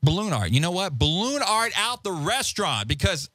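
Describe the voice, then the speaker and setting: A man in his forties hosting a casual talk show, telling a rambling, animated story full of side trails. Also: high voice, moderate pace, no room sound. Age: 40s. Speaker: host. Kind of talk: casual podcast chat.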